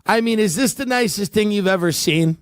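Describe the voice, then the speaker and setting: A man's voice: sits high, fairly quick, smooth, no echo. A man doing a profane, sarcastic comedic rant, mocking and swearing as he goes.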